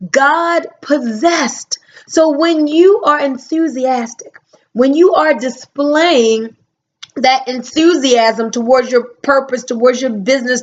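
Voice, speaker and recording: High-pitched woman, motivational talk, leans hard on words, kinda dull lo-fi sound. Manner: emphatic, stretches key words slowly. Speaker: motivational speaker.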